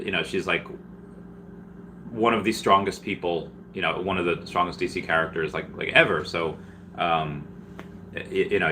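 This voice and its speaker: Male stream host, low bright-edged voice, casual rambling Q&A delivery, sudden excited pitch jumps. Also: a little hiss or hum. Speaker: livestream host answering viewer questions. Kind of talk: casual livestream Q&A.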